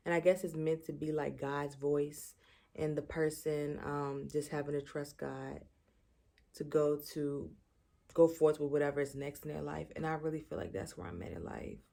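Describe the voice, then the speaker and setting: Young woman, low voice, gravelly fry, late-night vlog chat, reflective, groping for words. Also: fairly even intonation, moderate pace, warm tone. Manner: reflective, searching for words, many fillers and restarts; emotional, near tears at times. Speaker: vlogger. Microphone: camera mic.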